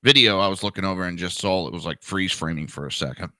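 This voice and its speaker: Blunt, crude host with a bright voice. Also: male voice, low voice, fast talker, no room sound. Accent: New Jersey. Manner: blunt, crude and combative, mocking with whiny impressions. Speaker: political talk show host. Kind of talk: opinionated monologue.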